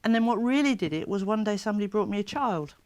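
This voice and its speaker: A woman speaks as a therapist in an interview, spinning her stories with plenty of energy. Her pitch swoops widely as she talks, and she breaks into laughter easily. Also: quick pace, no echo. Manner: lively, animated storyteller who laughs often. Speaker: therapist and child coach. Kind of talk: storytelling interview.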